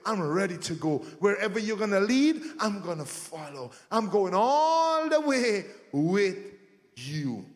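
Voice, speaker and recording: A man preaching in a very high voice, his rousing sermon rising into shouts as he prompts the congregation to answer him. His voice rings through a large hall with a long echo trailing each phrase.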